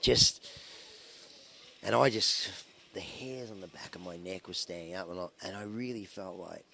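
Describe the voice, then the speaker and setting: Male rock musician, very low voice, loose anecdotal interview talk full of fillers. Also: normal speed, gravelly, bright, forceful tone, a little hiss or hum. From Australia. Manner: rambling, anecdotal, with many fillers and restarts. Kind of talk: casual interview storytelling.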